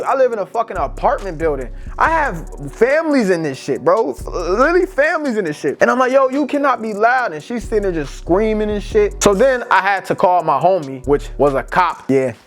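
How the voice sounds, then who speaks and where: A man with an American accent, telling a story in a casual, profane and animated vlog. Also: high voice. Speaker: vlogger.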